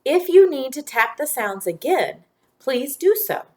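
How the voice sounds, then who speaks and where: A woman teaching a children's phonics lesson, giving clear directions and encouraging praise. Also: sits high, sing-song. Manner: slow, clear, drawn-out words.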